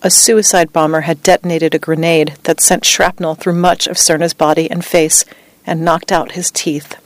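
A woman reading a true story as scripted narration, with a measured, even delivery. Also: deep voice, dry recording.

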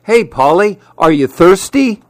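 A man's voice: high-pitched, big pitch swings, a little slow, no room sound, clean studio sound, pitched above the performer's own voice. A man voicing a small, friendly male chameleon who calls out cheerily to get noticed in a storybook. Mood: pleading. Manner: cheery, calling out for attention.

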